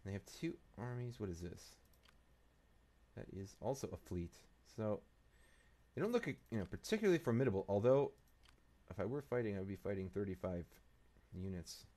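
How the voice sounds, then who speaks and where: A man's voice: fairly low pitch, very animated, normal speed, pauses often, warm tone. A man hosting a strategy game playthrough, thinking aloud and muttering to himself and the game as he plays. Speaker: let's play host.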